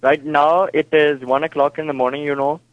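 A man with an Indian accent speaks in a halting, insistent way, full of fillers. His voice sits fairly high and comes through a dull, muffled phone line. The sound is dry, with no room echo. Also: flat delivery. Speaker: prank call target. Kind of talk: phone call.

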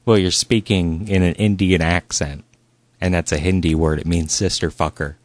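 Deep-voiced man making a blunt, profane prank call. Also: steady tone, normal speed, dry recording. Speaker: prank caller.

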